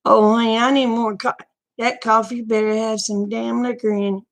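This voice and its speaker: A woman's voice: fairly high pitch, little pitch movement, normal speed. A middle-aged woman, chatting frankly and folksily to her viewers, laughing often. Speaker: vlogger. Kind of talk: casual livestream chat.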